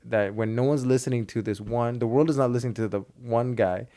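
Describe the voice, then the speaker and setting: A man, a criminal lawyer, talking casually in an interview and acting out exchanges with police. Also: mid-range voice. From Sri Lanka. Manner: fast, animated, acts out police exchanges.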